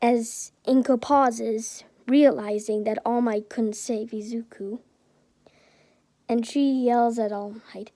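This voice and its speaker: A woman's voice: fairly high pitch, fairly even intonation, slow, mellow, no room sound. A woman improvising a fan-fiction story aloud, rambling, correcting herself and giggling.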